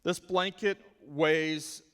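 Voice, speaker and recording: A man's voice: a little high, fairly even intonation, extremely slow, a bit bright, clear, resonant tone. A man giving a volunteer training talk for a church special needs ministry, earnest and often repeating words as he thinks. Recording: long hall reverb.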